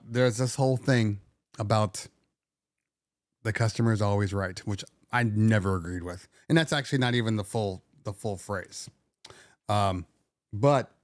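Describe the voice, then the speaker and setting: This middle-aged DJ podcast host talks unhurriedly in a lowish voice, pausing often. During the casual livestream he vents with animation and slips into sarcastic put-on voices. The recording is dry and of studio quality.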